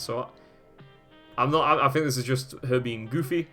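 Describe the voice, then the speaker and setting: A man's voice: mid-range voice, normal speed, a bit bright, soft background music. Man giving amused browsing commentary. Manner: amused, laughs often, swears casually. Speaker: host. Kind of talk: casual commentary while browsing and reading web pages aloud.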